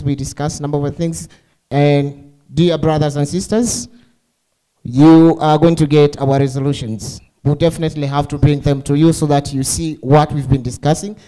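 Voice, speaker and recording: A man's voice: on the high side, mellow. A man with a Tanzanian accent, playful and teasing as master of ceremonies, mixing Swahili words into his remarks. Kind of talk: joking remarks to an audience.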